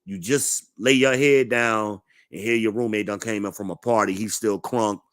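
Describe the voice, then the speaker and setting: A man's voice: lowish voice, fairly even intonation, moderate pace, no room sound, clean studio sound. A man in his forties telling blunt, profane stories in a laid-back, casual vlog monologue. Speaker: vlogger.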